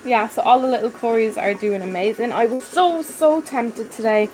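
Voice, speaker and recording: A woman from Ireland with a Dublin accent, chatting casually on a live stream and answering viewer comments with excited warmth. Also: on the high side, normal speed, slight background noise, poor audio. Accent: Dublin Irish. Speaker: fish-keeping live streamer.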